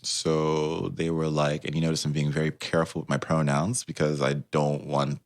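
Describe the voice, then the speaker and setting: A man's voice: extremely low pitch, moderate pace, no room sound. A man on a podcast, telling a casual story and acting out the voices of the people in it. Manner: animated, acts out quoted voices. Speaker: podcast guest. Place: Netherlands.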